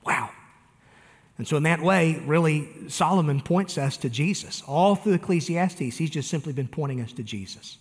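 A man's voice: fairly high pitch, expressive, moderate pace, big-room sound. A man preaching a sermon, talking earnestly and appealing directly to his listeners. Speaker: pastor.

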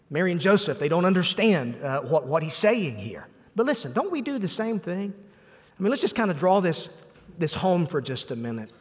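A man preaching a sermon, earnest and emphatic, repeating phrases for weight and filling pauses with "uh". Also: a little high, big-room sound. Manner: earnest preaching with emphatic repetition and frequent "uh" fillers. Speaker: pastor.

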